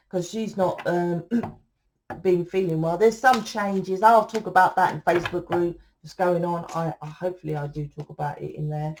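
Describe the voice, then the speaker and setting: A woman's voice: fairly low pitch, fairly even intonation, normal speed, slight background noise. A woman giving a casual tarot reading to camera, blunt and tired, swearing freely and acting out what people say. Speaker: tarot reader.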